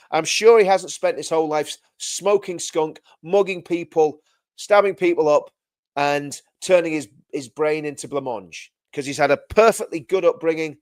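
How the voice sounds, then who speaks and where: A man's voice: a little high, no room sound, clean studio sound. Sardonic, indignant man on a livestream. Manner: sardonic, indignant, repeats phrases. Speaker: livestream host. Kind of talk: ranting livestream commentary.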